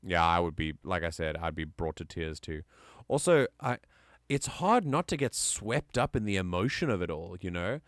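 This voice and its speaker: A man's voice: sits low, very animated, normal speed, faint music behind. A man streaming live, chatting casually and enthusiastically, often rambling and correcting himself mid-sentence.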